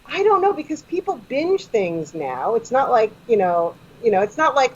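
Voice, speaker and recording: A woman's voice: fairly high pitch, very animated, moderate pace, a little mellow, breathy edge. A woman guesting on a comedy podcast, chatting eagerly and explaining fan trivia. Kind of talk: casual podcast chat. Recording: dull lo-fi sound with faint noise.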